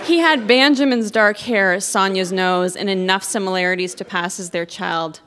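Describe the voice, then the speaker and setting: A woman's voice: medium pitch, normal speed, crowd noise. A woman reads aloud from a melodramatic romance she wrote as a teen, treating it as comedy. Her narration carries a wry, amused tone, and she drops playful asides between passages. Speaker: reader of her own teenage writing. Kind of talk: comic live reading of a novel.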